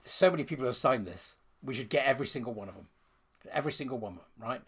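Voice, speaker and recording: A man's voice: mid-range voice, animated, fast talker, breathy edge. A man giving scornful, sarcastic ranting commentary while reading out a letter.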